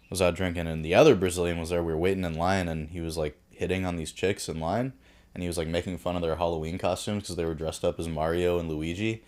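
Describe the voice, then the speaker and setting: A relaxed man with a fairly low voice spins a long story for friends on a casual podcast. He swears freely and chuckles as he goes. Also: fast. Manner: laid-back, profane, laughs while telling a story. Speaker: podcast co-host.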